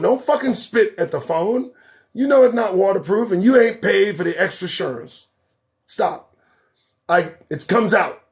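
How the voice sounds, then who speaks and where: A man hosting a live commentary show, riffing sarcastically on news items, laughing often and swinging between loud outbursts and low mutters. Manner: laughs a lot between remarks.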